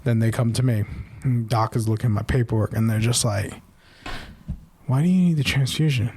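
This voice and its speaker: Dude on a podcast, telling a story all animated, keeps saying right?. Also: male voice, mid-range voice, fairly quick, slightly rough. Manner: animated, repeats "right?" often, acts out quoted voices. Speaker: podcast co-host. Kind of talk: casual storytelling chat.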